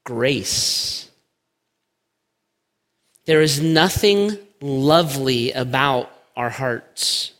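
Male pastor preaching, bright, forceful tone, long church reverb. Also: medium pitch. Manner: emphatic, slows for weight on key words. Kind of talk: sermon. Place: church sanctuary.

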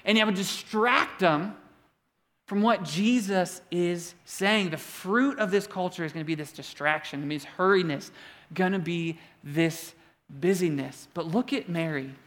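A man in his thirties delivering a sermon, telling stories with humor and lively delivery. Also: sits high, measured pace. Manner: animated storytelling with humor. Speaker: preacher.

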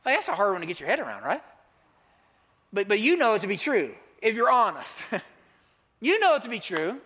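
Bright, high-voiced man preaching. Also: very animated, a little fast, husky. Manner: emphatic, swinging from shouts to hushed near-whispers; conversational, with repeated "like" and audience prompts. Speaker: pastor. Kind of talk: sermon. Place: church.

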